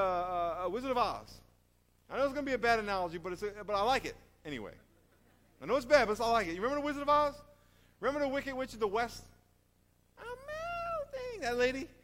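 Man, pastor, animated sermon, rhetorical questions, reverberant hall. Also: sits high.

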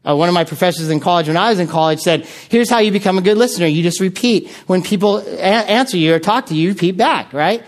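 High-voiced man preaching animatedly. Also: fast, few pauses. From United States. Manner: animated storytelling with frequent filler words. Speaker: pastor. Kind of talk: sermon.

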